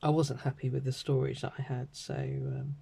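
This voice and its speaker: A middle-aged British woman with a croaky throat, chatting and rambling casually while she stamps and colours a card. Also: extremely low pitch, big pitch swings, moderate pace, warm tone, slight background noise. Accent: British English. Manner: chatty and rambling, many ums and asides. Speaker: craft vlogger.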